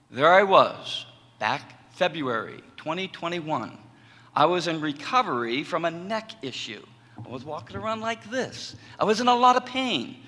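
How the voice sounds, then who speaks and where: Middle-aged male professor, animated storyteller, bright clear tone, hall reverb. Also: on the high side. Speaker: assistant professor of communication. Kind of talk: personal testimony to a college audience.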